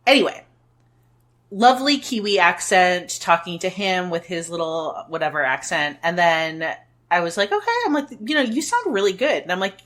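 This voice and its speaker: A middle-aged woman co-hosting a podcast in casual chat, telling lively stories and acting out quotes. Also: fairly low pitch, moderate pace. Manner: animated storyteller, acts out quotes. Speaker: podcast co-host.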